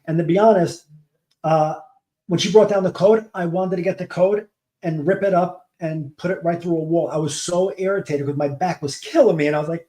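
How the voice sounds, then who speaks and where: High-voiced man rambling in an echoey room. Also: a little fast, warm tone. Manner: rambling, many restarts and fillers. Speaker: podcast host. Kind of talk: casual monologue.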